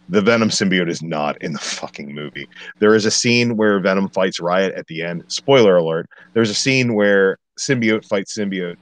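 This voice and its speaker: A man's voice: deep voice, no room sound. A man ranting a blunt, profane movie review as a podcast co-host, exasperated and swearing freely.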